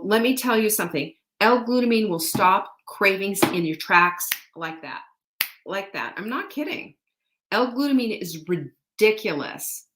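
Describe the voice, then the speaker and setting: A woman's voice: medium pitch, a bit bright, roomy sound. A woman hosting a live-stream product sale, gushing and chatty as she talks straight to her viewers. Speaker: live sales host.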